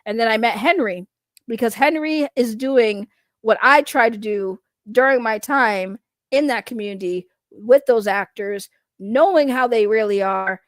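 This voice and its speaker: Woman, high voice, dry close sound, rambling blunt livestream commentary. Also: a little slow, no room sound. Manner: rambling, blunt, swears casually, laughs often. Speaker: online commentator.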